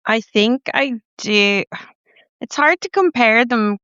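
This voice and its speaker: A woman's voice: fairly high pitch, lively intonation, slow pace, a bit bright, smooth, dry recording, dull audio. A woman chatting on a podcast, tentative and thinking aloud, laughing easily. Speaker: podcast co-host. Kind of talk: casual chat.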